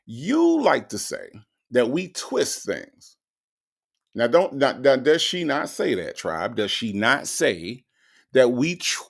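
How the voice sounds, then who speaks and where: Male host, gravelly, animated delivery, emphatic and mocking while reading comments. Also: mid-range voice. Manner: reads viewer comments aloud. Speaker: show host reacting to recorded calls.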